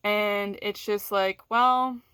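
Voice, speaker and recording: A woman's voice: mid-range voice, measured pace, a bit bright, no echo, studio quality, soft background music. A woman vlogger in a candid, casual chat with her audience. She is frank and swears freely, restarts her sentences often and laughs between words.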